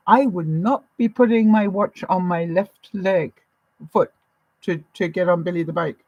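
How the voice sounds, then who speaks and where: Speaking unhurriedly in a medium-pitched voice, a vlogger host from Canada chats live with her viewers and offers them a warm, motherly pep talk of encouragement. The recording is dry and rough.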